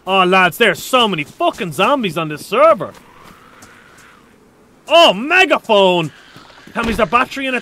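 A man streaming a survival game, chatting casually and excitably, with frequent swearing. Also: high-pitched, normal speed, long pauses. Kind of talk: casual live-stream commentary.

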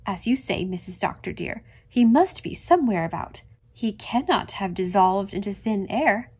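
A woman's voice: medium pitch, lively intonation, moderate pace, a little mellow, breathy edge. A woman voicing an anxious, devoted middle-aged housekeeper who speaks in a trembling, frightened way in an audiobook reading.

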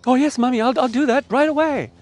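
A man with an Australian accent voicing a young boy caught misbehaving, answering his mother in high, pleading and sheepish replies during a children's story. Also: quick pace, darkish tone.

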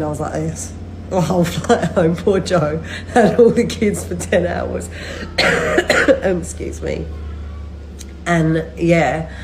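A vlogger in her thirties, wiped out by a recent illness, talks casually to camera for her followers on a phone, rambling and laughing mid-sentence. Her voice sits low and a little mellow, and the poor audio has a little hiss or hum.

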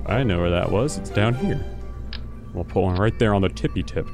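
Casting: a bouncy, easily excited gamer guy thinking out loud as he fumbles through a game, with faint game music underneath. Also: on the low side, brisk. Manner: excitable, confused, talks to himself while playing. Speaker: gaming video host. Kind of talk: casual let's-play commentary.

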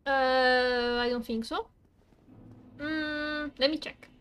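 A woman's voice: high-pitched, steady tone, slow pace, fairly bright tone, clear, resonant tone. A woman, a native Italian speaker, streaming a video game in casual chat, swearing and laughing as she plays.

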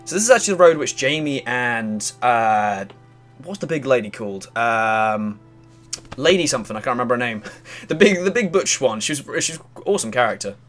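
A young man chatting excitably and swearing casually while playing through a video game. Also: medium pitch, a little fast, faint music behind. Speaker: gaming video host. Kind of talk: let's play commentary.

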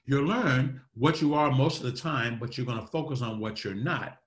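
A man giving a motivational talk in an interview, speaking in a dynamic, preacher-like way that swings between loud and soft. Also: mid-range voice, normal speed. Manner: dynamic, preacher-like delivery with sweeping shifts in loudness.

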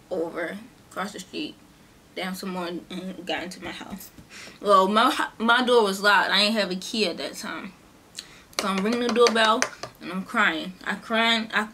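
A young woman vlogger, chatting casually through a storytime and acting out the people in it. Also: a little hiss or hum. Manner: chatty, animated, acts out quotes in a higher voice. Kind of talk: casual storytime during a mukbang.

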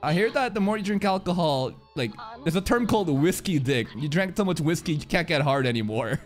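An anime reaction host giving casual, excitable commentary, swearing a lot and laughing often. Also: medium pitch, brisk, faint music behind.

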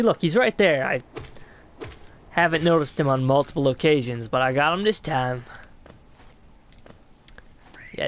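A man's voice: on the high side, a little hiss or hum. A young man giving casual gaming commentary, offhand and self-mocking, swearing freely as he plays. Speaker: let's player.

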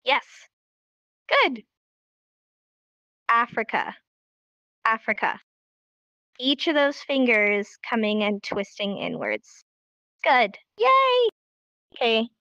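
A woman's voice: fairly high pitch, slow pace, pauses often, pushed and bright, no room sound. A woman teaching a live online sign language class in an upbeat, encouraging way, recorded as dull lo-fi stream audio.

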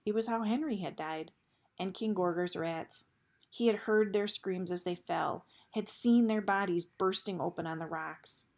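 A woman reading a novel aloud in a steady storytelling manner. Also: lowish voice, measured pace. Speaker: audiobook reader.

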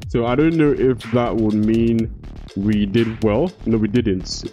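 A man's voice: lowish voice, steady tone, slow pace, mellow, soft background music. A young man giving casual gameplay commentary, often frustrated, swearing and restarting his sentences. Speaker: gaming YouTuber.

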